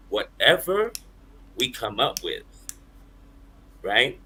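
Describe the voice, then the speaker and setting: Earnest man with a bright, lively voice. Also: medium pitch, takes it slowly, long pauses, breathy edge. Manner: earnest, repeats himself, stumbling starts. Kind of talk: casual livestream chat.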